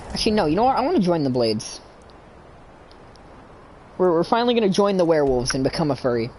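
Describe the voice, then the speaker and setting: A man's voice: fairly high pitch, very animated, fast, darkish tone, a little hiss or hum. Giggly, foul-mouthed young male streamer. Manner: profane, giggly, rambling. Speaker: streamer playing a fantasy game. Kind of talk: casual live-stream commentary.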